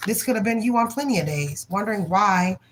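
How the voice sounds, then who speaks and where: A woman's voice: medium pitch, lively intonation, brisk, noisy background. A young woman giving a live tarot reading, reading card names aloud in a blunt, profane, chatty way. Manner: laughs often and voices the people in the cards. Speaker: tarot reader.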